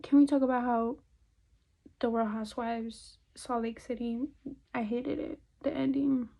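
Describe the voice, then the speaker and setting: A woman's voice: on the high side, fairly even intonation, measured pace, creaky, dark tone, rough recording. A young woman vlogging casually while doing her makeup, chatty and profane, rambling between topics and sometimes dropping to a murmur. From California. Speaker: beauty vlogger.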